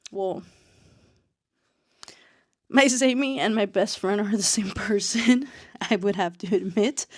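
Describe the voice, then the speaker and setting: Young woman, casual vlog storytelling, chatty, excitable, slightly out of breath, mid-pitched voice, dry close mic. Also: dry recording. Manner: chatty, excitable, many fillers and restarts. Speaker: author and vlogger.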